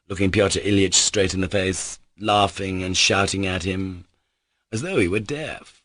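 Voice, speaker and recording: Male narrator for a classic novel, lowish voice, dry close mic, measured delivery. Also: fairly bright tone, no room sound. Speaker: audiobook narrator. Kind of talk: scripted narration.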